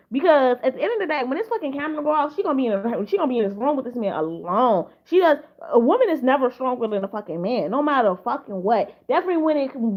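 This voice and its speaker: A woman's voice: high voice, lo-fi sound. A woman giving casual drama commentary to camera, rambling and profane, with many repeated restarts. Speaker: commentary vlogger.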